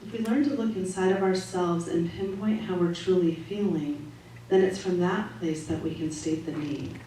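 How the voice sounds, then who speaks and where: Woman, spiritual practitioner, measured sermon-style talk, distant room mic, faint background noise. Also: on the low side. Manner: calm, measured, gently instructive. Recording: echoey hall audio from far off, faint noise.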